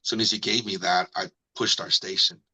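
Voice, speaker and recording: Husky, tense-voiced man telling a story. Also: a little fast, low-quality recording. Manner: animated, acts out quoted people with jumps in pitch. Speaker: radio personality and guest. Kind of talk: casual storytelling interview.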